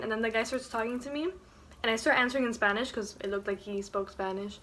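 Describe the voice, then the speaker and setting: A woman's voice: on the high side, fast talker, a little hiss or hum. Chatty young woman telling a story. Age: young adult. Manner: chatty, lots of "like" fillers, animated retelling. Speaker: vlogger. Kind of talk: casual story time vlog. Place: college dorm room at night.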